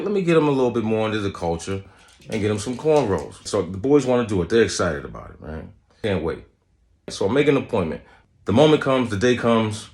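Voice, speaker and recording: A man telling a comic story in an animated, profane style, often asking "right?", in a noisy recording. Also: low-pitched. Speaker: comedian, show host.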